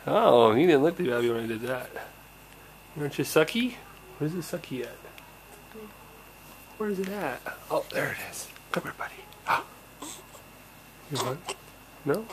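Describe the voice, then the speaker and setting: A man's voice: a little high, lively intonation, a little slow, pauses often, a little hiss or hum, rough recording. A young man, a parent, narrating a home video in cooing baby talk with little gasps.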